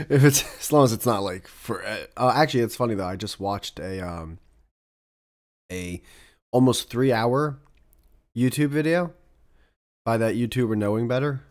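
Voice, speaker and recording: Animated young man ranting casually. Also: medium pitch, measured pace, long pauses. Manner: rambling, profane, laughs often, rants with rising exasperation. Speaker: podcast host. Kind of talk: casual solo chat.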